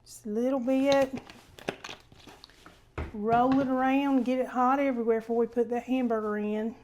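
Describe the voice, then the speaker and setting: A woman's voice: on the high side, fairly even intonation, normal speed, darkish tone, slight background noise. Chatty woman cooking at home. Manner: chatty and homey, calls viewers honey. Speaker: cooking show host. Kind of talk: casual cooking demonstration.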